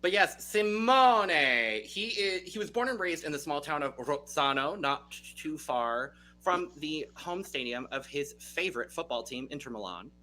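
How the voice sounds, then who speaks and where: A man's voice: fairly high pitch, moderate pace, hardly any pauses, sharp tone, low-quality recording. A man hosting a podcast in a casual, playful chat with many fillers. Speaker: podcast host.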